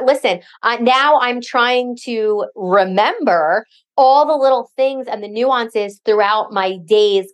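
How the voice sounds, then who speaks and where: A middle-aged woman co-hosting a casual podcast, a chatty, self-mocking storyteller who acts out dialogue. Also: a little high. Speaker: podcast co-host.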